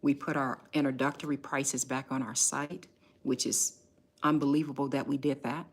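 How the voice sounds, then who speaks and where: A woman business coach hosting a live stream, pitching her community in an emphatic, emotional way and speaking straight to her viewers. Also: little pitch movement, normal speed, husky.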